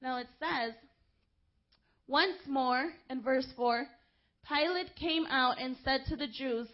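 A woman delivers a sermon in a high voice. She is impassioned and direct, talking straight to her congregation with informal asides. The recording is somewhat dull and lo-fi. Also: takes it slowly, long pauses. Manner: impassioned, rising to shouts when quoting crowds. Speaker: preacher.

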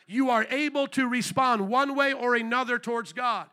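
A male pastor preaching a sermon in church, emphatic, calling out to the congregation for amens and slowing down to stress key words. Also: very high voice, pushed and bright.

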